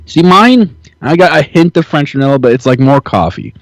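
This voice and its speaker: Teasing man, lively voice. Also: fairly high pitch, moderate pace, no echo. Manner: teasing, playful. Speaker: podcast co-host. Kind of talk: casual chat.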